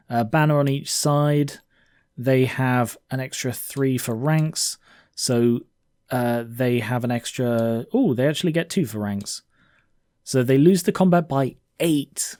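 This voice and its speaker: Man, casual wargame narration, mellow dark tone, dry close sound. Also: medium pitch, no echo. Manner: casual, chatty, thinks aloud with fillers. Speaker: tabletop game narrator. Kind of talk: narrating a solo tabletop wargame.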